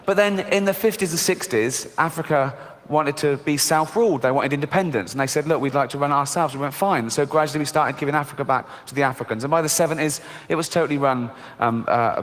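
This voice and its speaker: A middle-aged man from Britain performing a mocking, sardonic stand-up routine on a theater stage, swearing freely. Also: mid-range voice. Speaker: stand-up comedian. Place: theater stage before a laughing audience. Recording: long hall reverb, faint noise.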